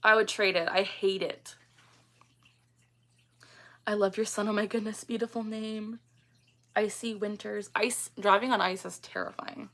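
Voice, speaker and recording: A young woman in her twenties, speaking, hosts a relaxed livestream hangout. Her voice is bright and clear, at an ordinary middle pitch. She reads viewers' comments aloud and answers them in a loose, chatty way. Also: measured pace, long pauses. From Canada. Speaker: livestream host. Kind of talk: casual livestream chat.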